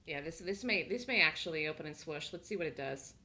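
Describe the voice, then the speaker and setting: Bright, lively woman calling trades live. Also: sits low, fast talker. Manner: chatty, laughs often, thinks aloud. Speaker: day trading room host. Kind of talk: live trading commentary.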